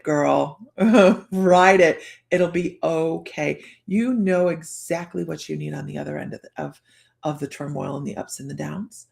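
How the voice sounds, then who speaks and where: A middle-aged woman, hoarse from a cold, hosts a casual live-streamed psychic reading. She rambles chattily with lots of fillers and restarts, her voice lowish and a little mellow.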